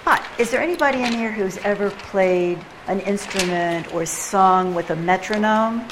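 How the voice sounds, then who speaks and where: A woman's voice: medium pitch, normal speed, noisy background. A woman leading a poetry workshop for a group, talking in a chatty, playful way and tapping out rhythms with her voice. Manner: chatty, animated, playful, mimics rhythms aloud. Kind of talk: informal teaching to a group. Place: room with a live group.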